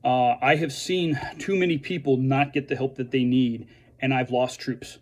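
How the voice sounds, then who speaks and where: A man who is a veteran speaks earnestly and haltingly to fellow veterans, restarting his sentences often. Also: mid-range voice, fairly even intonation, a little mellow. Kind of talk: earnest direct-to-camera message.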